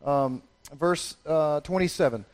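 A middle-aged male pastor preaching a sermon, animated and storytelling, slipping into playful voices for the people in the passage. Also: on the high side, slow.

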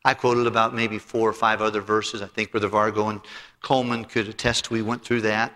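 A middle-aged male pastor preaching a sermon and telling a story, acting out both sides of a conversation in a lively way. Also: on the low side, fairly quick. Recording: long hall reverb.

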